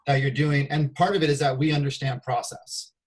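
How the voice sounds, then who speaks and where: A man, a volleyball coach, interviewing a former player in a measured, reflective way, with some "um" and "you know". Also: medium pitch, little pitch movement. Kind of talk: casual interview talk.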